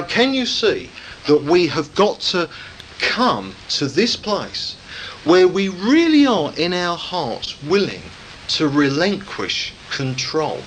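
A man's voice: on the high side, a little hiss or hum, rough recording. A man preaching a sermon, emphatic and driving points home with repeated rhetorical questions.

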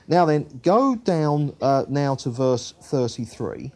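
A man's voice: mid-range voice, expressive, takes it slowly, few pauses, mellow. A man teaching a Bible study, reading scripture aloud and then explaining it conversationally, with frequent fillers and self-corrections. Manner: corrects himself on the fly, with frequent ums and uhs.

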